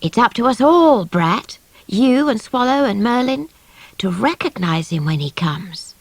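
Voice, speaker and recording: A woman's voice: high-pitched, lively intonation, measured pace, no echo, pitched above the performer's own voice, low-quality recording. A woman reading the part of a prim, pious older grandmother in an audiobook, with a proper, correcting manner. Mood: musing. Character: genteel, pious elderly grandmother.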